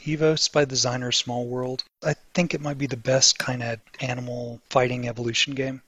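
A man's voice: medium pitch, level tone, moderate pace, fairly bright tone, husky, dry recording. A man co-hosting a podcast, explaining things at length in eager, casual chat. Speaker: podcast co-host.

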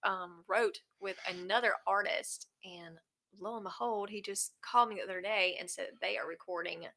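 A woman from South Carolina with a Southern accent, a country singer chatting in an interview, talkative and quick to laugh. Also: mid-range voice, fairly even intonation, gravelly, bright, forceful tone. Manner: chatty, laughs often, drawling. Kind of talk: casual interview chat.

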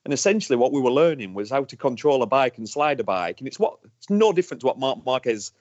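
A man from England, a motorcycle racer, telling stories in a lively, casual chat. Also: medium pitch, quick pace, dry recording. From northern England. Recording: dull lo-fi dry sound.

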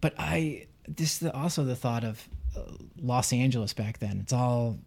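A man chatting about a movie in a gravelly voice with plenty of fry. He rambles and searches for words, circling back as he builds his point. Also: medium pitch, normal speed, a little mellow. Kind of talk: casual film discussion.

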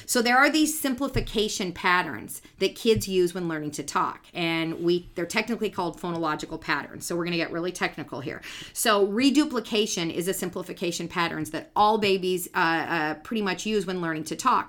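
A woman's voice: on the low side, a little fast, hardly any pauses, fairly bright tone. A woman in her forties, a speech therapist co-hosting a casual podcast, explaining in a teacherly way, checking for understanding and laughing easily. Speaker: podcast co-host; speech language pathologist.

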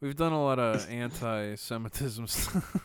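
A man's voice: medium pitch, a little slow, clean tone. A man co-hosting a podcast, delivering crude jokes in casual banter and laughing often. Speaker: podcast co-host.

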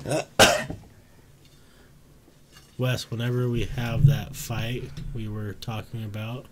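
A man's voice: on the low side, little pitch movement, slow, heavy background noise. A young man co-hosting a casual stream chat, playful and teasing, with slangy talk. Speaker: co-host.

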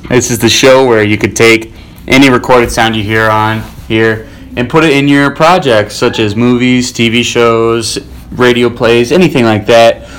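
A man's voice: mid-range voice, clean tone. A man hosting a casual homemade podcast at home, talking hesitantly with lots of ums. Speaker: podcast host.

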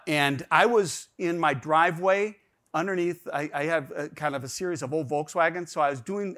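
A middle-aged man telling a personal story to an audience, rambling and animated, with many fillers and restarts. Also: a little high. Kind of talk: storytelling talk.

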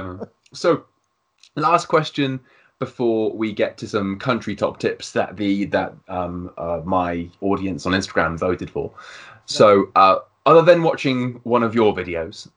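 A man hosting a podcast, asking questions in a relaxed chat and laughing often. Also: on the low side, normal speed. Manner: easygoing, laughs between remarks. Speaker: podcast host. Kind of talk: casual interview chat.

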